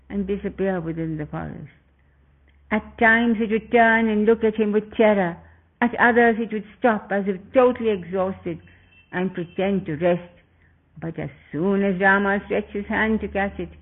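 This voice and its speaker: A man narrating an epic tale in a measured, earnest way. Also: sits high. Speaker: storyteller. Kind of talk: scripted narration. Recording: tinny phone-like sound.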